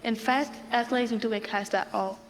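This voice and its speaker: A woman's voice: fairly high pitch, steady tone, brisk, lightly acted. A woman playing a firm, principled mother. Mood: earnest. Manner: firm, earnest. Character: determined Indian mother, principled adult woman. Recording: hall reverb, faint ambience.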